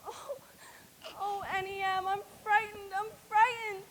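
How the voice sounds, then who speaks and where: Teen girl as a scared crying farm girl, super high and bright, faint hiss behind. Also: quick pace, exaggerated voice. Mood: frightened. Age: teens. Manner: pleading, tearful, stammering. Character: frightened young farm girl, pleading and tearful. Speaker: student actor. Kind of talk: school stage play.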